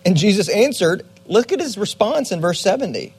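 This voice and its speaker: An earnest young man preaching to a youth group in a slightly higher voice. He talks conversationally and slows into dramatic pauses to land his points. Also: very animated, breathy edge. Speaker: youth pastor. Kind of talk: Bible teaching sermon.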